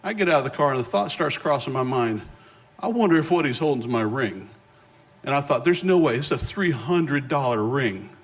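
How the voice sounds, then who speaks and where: A middle-aged man, a guest speaker, telling a personal story in a sermon with animated, self-mocking delivery and quick restarts. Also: mid-range voice.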